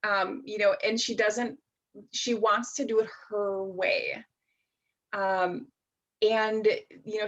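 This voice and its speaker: A woman in her thirties speaking as a life-coach guest in an interview. She talks reflectively and chattily, with fillers and quick asides. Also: medium pitch. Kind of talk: casual interview chat.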